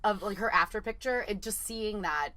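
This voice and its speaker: A woman co-hosting a casual recap show, wry and quick with dry put-downs. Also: medium pitch, sharp tone, no room sound. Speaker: podcast co-host.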